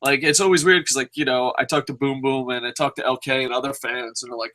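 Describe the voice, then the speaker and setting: A man's voice: medium pitch, fairly even intonation, fast talker, pushed and bright. A man in his thirties from New Jersey, a podcast host telling a story casually, swearing a lot and laughing as he talks. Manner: profane, laughs often while talking.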